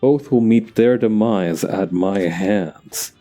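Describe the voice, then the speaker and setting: A man's voice: fairly low pitch, takes it slowly, dark tone, faint music behind. A man voicing a smug, wealthy male rival club owner in a put-on British accent, haughty and theatrical, for a fan dub of a game. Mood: gloating. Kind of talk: fan voice-over of game dialogue.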